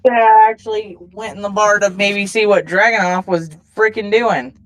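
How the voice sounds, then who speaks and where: A woman's voice: mid-range voice, fairly even intonation, moderate pace. Teasing woman at a game table. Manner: teasing, playful. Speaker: player. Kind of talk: casual game-table chat.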